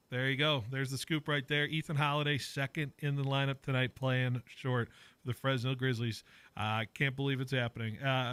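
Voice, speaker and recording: A man's voice: medium pitch, fairly bright tone, clear, resonant tone, dry recording. A man hosting a local sports radio show, chatting casually with plenty of fillers. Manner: upbeat, filler-heavy. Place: radio studio. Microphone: studio mic.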